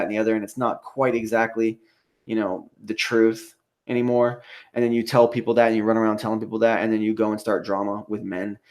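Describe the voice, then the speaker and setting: An American man running a live stream, chatting casually and reading comments from his viewers. He rambles, swears freely and laughs a lot between remarks. His voice sits at an ordinary middle pitch for a man. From United States. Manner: profane, rambling, laughs often, reads viewer comments aloud.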